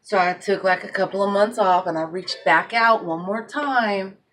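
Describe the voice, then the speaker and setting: A woman in her thirties, a single mother, telling a personal story in a blunt, animated monologue with heavy swearing. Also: mid-range voice, normal speed.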